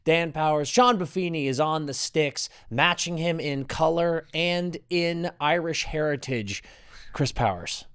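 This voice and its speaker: A man's voice: a little high, unhurried, fairly bright tone, smooth, no echo, studio quality. A man hosting a hockey podcast, talking energetically and joking crudely. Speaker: podcast host. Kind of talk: casual hockey podcast chat.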